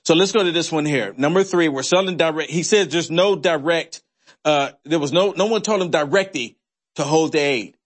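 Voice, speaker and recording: A man's voice: fairly high pitch, brisk. A man hosting a political commentary show, indignant and sarcastic, firing off rhetorical questions. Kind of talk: opinionated commentary.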